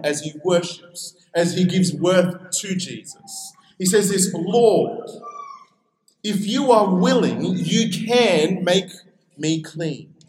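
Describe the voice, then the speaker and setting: A man's voice: sits high, reverberant, poor audio. A man with an Australian accent preaching a sermon in a conversational way, acting out quoted voices as he goes. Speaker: pastor.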